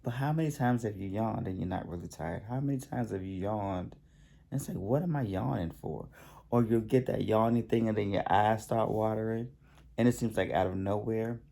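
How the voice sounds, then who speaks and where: A man speaks in a low, gravelly voice with a dark, mellow tone. He gives a spiritual healing talk straight to camera, halting often and circling back over his own words. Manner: halting, repeats himself, pauses to yawn. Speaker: self-help channel host.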